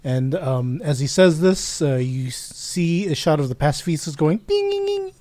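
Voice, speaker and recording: Man, podcast co-host, casual recap, slightly high voice, hesitant with fillers, dry close recording. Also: normal speed, warm tone, no room sound. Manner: hesitant, many ums, acts out quoted lines.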